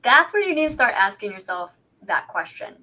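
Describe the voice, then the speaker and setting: A woman's voice: a little high, sing-song, normal speed, sharp tone. A woman co-hosting a podcast in casual chat, talkative and self-deprecating, posing rhetorical questions. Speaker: podcast co-host.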